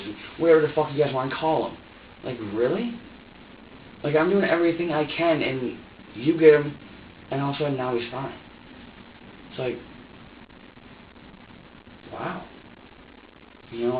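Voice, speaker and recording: A man's voice: mid-range voice, slight background noise. A man being questioned by police, talking in an agitated, rambling, profane way. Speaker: interrogation suspect. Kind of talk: police interrogation. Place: police interview room. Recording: echoey, distant, muffled interview room recording.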